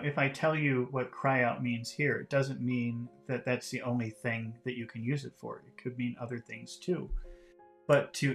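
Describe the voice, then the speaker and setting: Male English teacher, mid-range voice, reading a novel aloud and patiently paraphrasing its vocabulary; soft guitar music in the background. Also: mid-range voice. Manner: patient, paraphrases words in plain terms.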